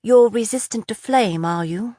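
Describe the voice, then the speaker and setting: A cold, menacing male interrogator who pushes with clipped questions, as a woman narrator reads him. His voice stays close to the reader's own middle pitch. The sound is dry and close. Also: moderate pace, dark tone, dry recording, lightly acted. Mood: pressing.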